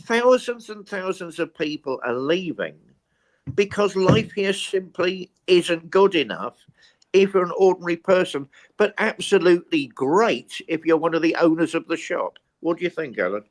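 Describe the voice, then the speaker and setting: A British man co-hosting a talk show rants with passion and conviction. His voice sits fairly high for a man, and he pushes his points hard. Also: expressive, moderate pace. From Britain. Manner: impassioned, ranting. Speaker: co-host. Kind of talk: opinionated talk-show chat.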